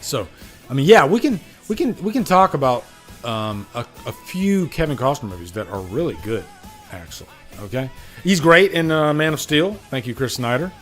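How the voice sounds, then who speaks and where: A man's voice: medium pitch, big pitch swings, normal speed, soft background music. A man hosting a casual live stream, chatting animatedly about movies he saw and answering viewers.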